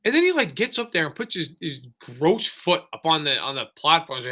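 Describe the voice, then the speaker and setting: A man co-hosting a sports podcast, talking casually and ranting excitedly with frequent restarts. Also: fairly high pitch, a little fast, hardly any pauses. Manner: excitable, animated rants with lots of restarts. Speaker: podcast co-host.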